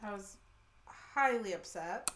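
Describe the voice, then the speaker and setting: A woman co-host comes in with short reactions to the story, stretching out her words slowly. She sounds loose and conversational, as if talking with a friend on a podcast. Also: mid-range voice, expressive, a bit bright. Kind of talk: casual book recap chat.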